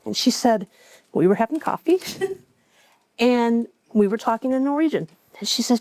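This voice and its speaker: A woman telling a true story to a live cafe audience, her voice sitting a touch high. She speaks in a reflective, measured way with wry asides. The sound is dry and close, with no room echo. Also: lively intonation, dark tone.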